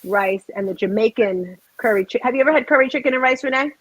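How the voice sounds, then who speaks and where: A woman's voice: fairly high pitch, fast talker, no echo, poor audio. A woman hosting a home cooking show, chatting casually and rambling to viewers while she cooks.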